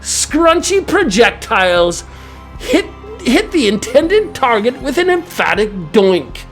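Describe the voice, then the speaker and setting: A man's voice: very high voice, sing-song, takes it slowly, fairly bright tone, faint music behind. A man delivering an absurd, grandiose comedic character monologue in a boastful, theatrical manner. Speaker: comedic vlogger.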